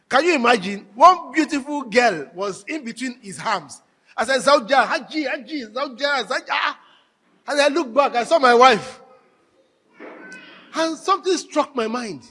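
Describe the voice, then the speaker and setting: A man giving a marriage workshop talk to a live audience, telling stories with animated, emphatic repetition. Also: high-pitched. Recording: echoey hall with long reverb.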